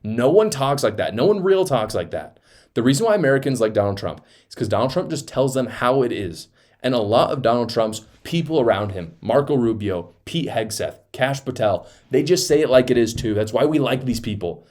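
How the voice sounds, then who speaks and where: A man's voice: medium pitch, lively intonation, fairly quick, a little mellow. A young man runs a political reaction show, and his delivery is heated and emphatic. He mimics the people he criticizes in sarcastic put-on voices. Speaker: political commentary host. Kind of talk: reaction commentary.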